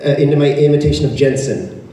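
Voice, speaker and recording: Brief: playful, self-mocking man, high voice, stage banter, distant mic, heavy hall echo. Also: fast talker. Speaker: convention panel guest. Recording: echoey hall from far off, noisy.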